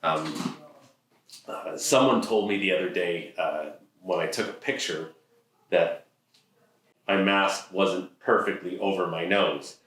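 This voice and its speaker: A man's voice: low voice, takes it slowly, a bit bright, slight background noise. A man in his forties telling humorous stories about his own life in a dry, self-deprecating way. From Ontario, Canada. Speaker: comic storyteller. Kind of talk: humorous personal monologue. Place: event hall. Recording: echoey hall, mic far off.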